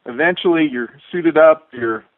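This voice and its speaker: A middle-aged man, a former astronaut, telling a relaxed, wry anecdote with a dry sense of humor and many fillers. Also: on the high side, moderate pace, dry recording. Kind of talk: storytelling anecdote. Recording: tinny dry phone-like line.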